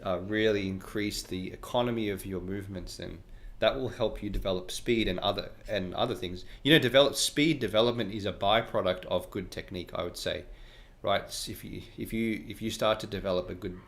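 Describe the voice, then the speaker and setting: A man giving a casual guitar lesson, explaining technique in a relaxed way and often checking in with "right?". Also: on the low side, brisk, few pauses. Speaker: guitar teacher. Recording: faint guitar music behind voice. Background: his own guitar playing between phrases.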